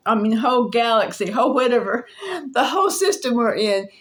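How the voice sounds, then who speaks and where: Higher-voiced woman telling a personal story. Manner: halting, with restarts and soft laughs. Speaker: vlogger.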